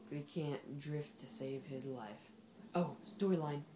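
A woman's voice: low voice, slow, noisy background. A woman giving casual, sarcastic commentary while playing a racing game, talking back at the game's characters. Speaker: gameplay commentator.

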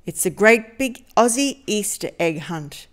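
A woman reading a picture book aloud to children in a lively, sing-song storytelling manner. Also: medium pitch, unhurried.

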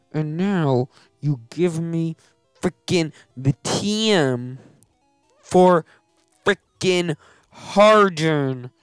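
A man's voice: high-pitched, a bit bright, smooth, no room sound, clean studio sound. A man hosting a game let's play, giving casual commentary that turns into melodramatic grumbling and self-mocking rants.

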